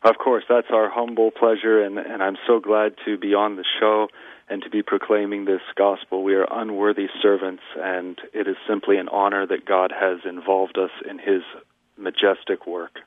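Male pastor guest, low voice, earnest scripture teaching, dry thin phone-line sound. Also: level tone, normal speed, dry recording. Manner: earnest, quotes scripture at length. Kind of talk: teaching a scripture lesson on radio.

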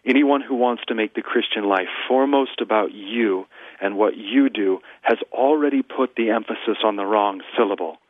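Male pastor guest, low voice, earnest scripture teaching, dry thin phone-line sound. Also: normal speed, dry recording. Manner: earnest, quotes scripture at length. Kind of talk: teaching a scripture lesson on radio.

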